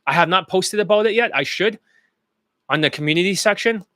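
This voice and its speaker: A man's voice: high voice, a little fast, bright, forceful tone, no echo, clean studio sound. A man coaching students in dating, talking bluntly and profanely over testimonial clips in a loose, rambling way.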